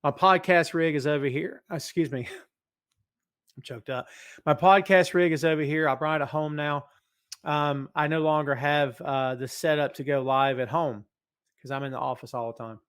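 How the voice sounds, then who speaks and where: A middle-aged man hosting a live wrestling podcast from his office, reading out chat comments in an animated, hyped way. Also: on the high side, normal speed, clean tone. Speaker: podcast host. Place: home office.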